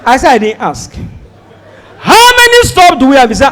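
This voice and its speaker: A Nigerian comedian with a high, bright voice tells a story on stage. His pitch leaps all over the place as he acts out both sides of a conversation. He breaks now and then into sudden loud outbursts. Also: big pitch swings, moderate pace, pauses often, big-room sound. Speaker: stand-up comedian.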